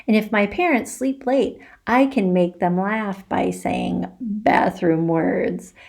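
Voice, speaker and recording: A woman teacher reading a children's book aloud for virtual story time, slow and expressive. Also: medium pitch, creaky.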